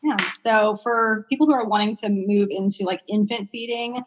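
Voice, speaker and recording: A woman working as a pediatric speech therapist, chatting casually in an interview and telling stories with lots of fillers and animated quoted voices. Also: mid-range voice, moderate pace, background noise. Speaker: pediatric speech-language pathologist guest.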